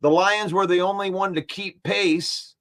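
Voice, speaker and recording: A man's voice: high-pitched, unhurried. A man hosting a casual football talk stream, reading viewer comments and firmly arguing back. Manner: reads viewer comments aloud and argues back, animated and defensive. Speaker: sports talk show host. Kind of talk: casual live-stream sports chat.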